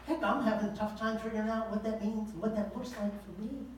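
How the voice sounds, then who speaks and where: A man's voice: high voice, flat delivery, fast, slight background noise. A male pastor preaching a sermon in a folksy, conversational way, with slang and pointed rhetorical questions. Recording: echoey room, voice from far off.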